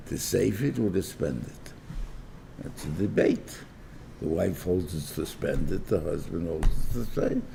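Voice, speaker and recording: An older rabbi gives a Torah class lecture in a dark, mellow voice with heavy gravel in it. He speaks haltingly, repeats his words, and acts out short back-and-forth dialogues. A faint hiss sits behind him. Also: sits low. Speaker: rabbi teaching a weekly class.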